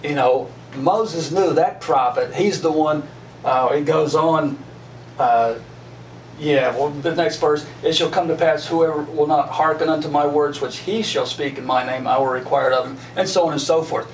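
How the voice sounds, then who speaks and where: Higher-pitched man leading a Bible study, casual and folksy, in an echoey room with the mic far off. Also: moderate pace, a little hiss or hum. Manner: folksy, retells scripture in slang.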